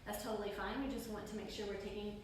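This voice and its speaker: Yoga teacher cueing in a roomy echo. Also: female voice, medium pitch, fast talker. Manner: calm breath-paced cueing. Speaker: yoga instructor. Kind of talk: guided yoga class instruction. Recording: roomy echo, distant mic, faint noise.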